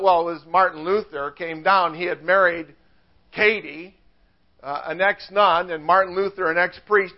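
An older male preacher giving a sermon, lively and chuckling at his own stories. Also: high-pitched, highs cut off. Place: church.

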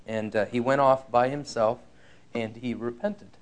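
In this sermon, a man's intonation stays fairly even and his pitch medium as he tells a personal story. He speaks earnestly and openly, slowing down whenever he wants a line to land.

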